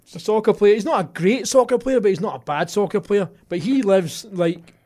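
A Scottish man with a voice sitting a little high for a man, talking in an easy, anecdotal way on a podcast. He chats loosely with his co-host. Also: brisk, darkish tone. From Scotland. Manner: chatty, anecdotal. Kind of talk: casual podcast chat.

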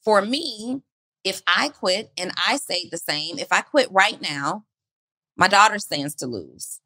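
A woman's voice: medium pitch, expressive, slow, sharp tone, no echo, low-quality recording. A woman hosting a motivational podcast, preaching through repeated rhetorical questions. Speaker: podcast host.

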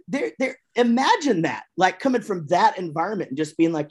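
A man's voice: high voice, very animated, a little fast, hardly any pauses, husky. A man guesting on a podcast from a room at home over a video call, chatting in a rambling, jokey, profane way. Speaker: guest musician. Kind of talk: casual podcast chat. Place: room with gold records behind him.

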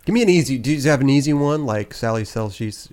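A man's voice: mid-range voice, expressive, fast, a little mellow. A man hosting a podcast, joking loosely and swearing casually. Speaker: podcast host.

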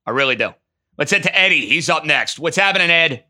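A man hosting a call-in sports talk show, taking callers and arguing his takes emphatically. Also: fairly high pitch. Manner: emphatic, animated, quick to riff. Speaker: sports radio host.

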